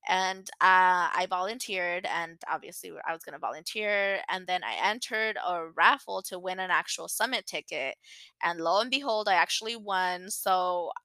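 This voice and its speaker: A young woman talks through her solo podcast in a chatty, animated way, rambling and circling back as she goes. Her voice is bright and crisp, a little low for a woman, and it sits close and dry with no room sound. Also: moderate pace, no room sound. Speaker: podcast host. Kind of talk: casual solo podcast chat.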